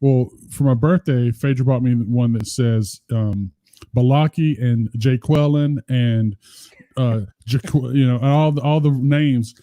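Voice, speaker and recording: Man, middle-aged, podcast co-host, rambling profane storyteller, very dark tone, dry close sound. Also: mid-range voice, measured pace, no echo. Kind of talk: casual chat.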